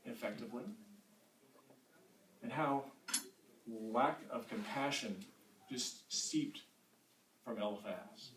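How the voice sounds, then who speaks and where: A man's voice: medium pitch, a little slow, pauses often, a little hiss or hum. A man teaching a Bible study in a church room in a conversational way, often repeating words as he restarts, recorded from a distance in an echoey room.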